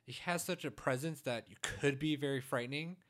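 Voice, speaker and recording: A man's voice: mid-range voice, fairly quick, a bit bright. A man co-hosting a casual movie chat, thoughtful and rambling, with many fillers and hedges. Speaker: podcast co-host.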